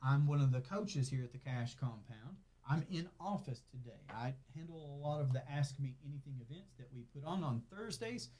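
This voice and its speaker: Casual southern guy from north carolina, financial coach doing a live q&a, talks easy and keeps saying okay, mid pitch. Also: animated, moderate pace, few pauses, mellow. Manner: chatty, reads viewer comments aloud, tags lines with "okay?". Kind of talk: casual livestream Q&A. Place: office. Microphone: clip-on mic added partway.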